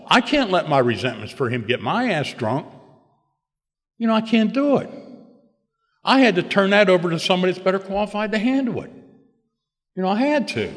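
A man's voice: on the high side, long reverb tail. An older man giving a personal recovery testimony at a meeting, rambling with many "you know"s and rising to emphatic bursts.

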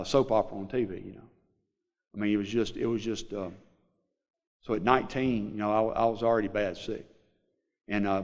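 A middle-aged man with a Southern US accent, telling a personal recovery story to a group in a halting, rambling way, full of fillers. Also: fairly low pitch. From Mississippi Delta, USA. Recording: long hall reverb.

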